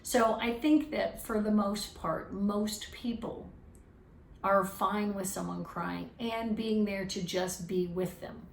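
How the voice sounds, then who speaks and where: Woman, gravelly voice, reflective teaching talk, recorded distant in an echoey room with faint ambience. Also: medium pitch, steady tone, slow, slight background noise. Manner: earnest, reflective, restarts phrases. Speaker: speaker on emotional wellbeing.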